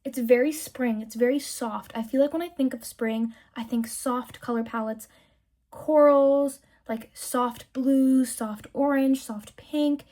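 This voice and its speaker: Young woman doing a makeup tutorial, kinda high voice, chatty, gushy, swears when she rants. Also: steady tone, a little slow, dark tone. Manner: chatty, candid, swears freely when ranting; gushing about products. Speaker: beauty vlogger. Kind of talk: casual makeup tutorial chat.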